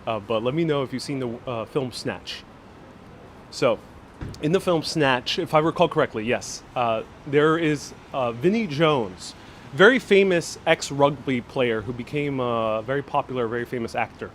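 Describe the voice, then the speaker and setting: A travel vlogger with a medium-pitched, fairly bright voice live-streams a walk through city streets, talking at normal speed into a phone held in his hand. He chats casually with lots of fillers, restarts and frequent laughs, and there's a little hiss or hum.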